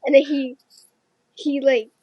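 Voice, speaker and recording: A woman's voice: high voice, level tone, slow pace, dry recording, muffled recording. A woman co-hosting a podcast, telling a story in casual rambling chat and quoting others. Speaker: podcast co-host.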